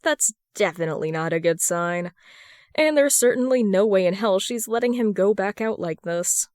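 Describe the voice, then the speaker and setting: A woman's voice: medium pitch, moderate pace, no echo. Woman narrating a fan story, dry sound. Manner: steady storytelling read. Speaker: podfic reader. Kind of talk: fan fiction audiobook narration.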